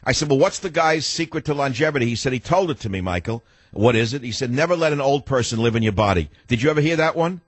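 A man's voice: mid-range voice, animated, fast, breathy edge, no room sound. An older man hosting a talk radio show, rambling and sardonic, acting out the voices in his head. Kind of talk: talk radio monologue and calls.

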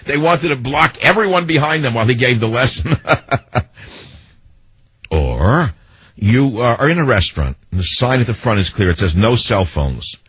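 A man's voice: mid-range voice, expressive, normal speed, long pauses, fairly bright tone, breathy edge, dry recording, poor audio. A man hosting a talk radio show, telling sarcastic stories and mimicking the people in them. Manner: sarcastic, storytelling with mimicked quotes. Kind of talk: monologue to listeners.

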